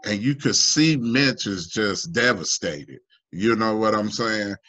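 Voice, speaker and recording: A man from the United States giving halting, emotional personal testimony in an online town hall, full of restarts and fillers, his pitch climbing when he pleads. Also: lively intonation, sharp tone. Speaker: union member asking a guest.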